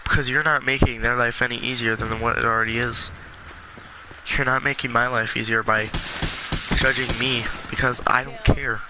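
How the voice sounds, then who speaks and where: A congested man talking earnestly and with passion in a gaming vlog, with halting restarts. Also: mid-range voice, steady tone, noisy background. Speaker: gaming video creator.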